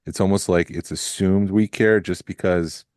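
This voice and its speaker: Deep-voiced man with blunt opinions. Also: steady tone, normal speed, darkish tone, no echo, clean studio sound. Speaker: podcast co-host. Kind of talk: casual review chat.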